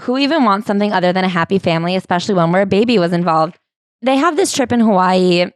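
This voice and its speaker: A woman's voice: mid-range voice, animated, quick pace, no echo. Sarcastic woman podcast co-host. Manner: sarcastic, wry running commentary. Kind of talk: comedic book-club banter.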